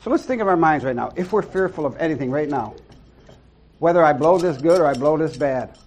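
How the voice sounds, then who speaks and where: Earnest, fairly high-voiced man preaching. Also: lively intonation, brisk, soft background music. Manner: earnest and folksy, breaking into loud whoops and amens. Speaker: lay preacher. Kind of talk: informal sermon to a small group. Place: small church gathering.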